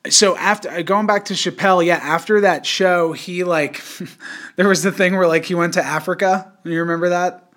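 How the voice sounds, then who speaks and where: A young man talks loosely on a casual podcast, his voice sitting a little high for a man. He rambles and restarts, with plenty of fillers and casual swearing. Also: steady tone, moderate pace, a bit bright. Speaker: podcast host.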